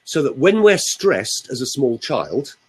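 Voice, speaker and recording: An older man coaches listeners on using their voice. His delivery is theatrical and instructive, with a lively melody. A faint huskiness sits under it. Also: medium pitch, unhurried, breathy edge, low-quality recording. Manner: theatrical, explanatory, demonstrates with his own voice. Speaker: voice coach guest. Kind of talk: radio studio voice coaching demonstration.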